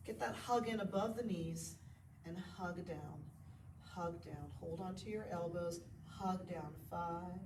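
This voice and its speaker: With a lowish, expressive and slightly mellow voice at a measured pace, a female yoga teacher guides a live class, counting poses and cheering students on, now and then breathless. Her body mic is sometimes distant, so she sounds off mic in an echoey room with faint noise.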